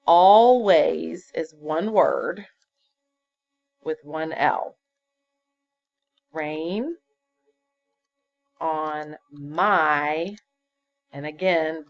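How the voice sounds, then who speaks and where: A woman teaching a fifth-grade grammar lesson, patient and explaining step by step with fillers. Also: low-pitched. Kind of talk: recorded classroom grammar lesson. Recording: dull lo-fi computer recording.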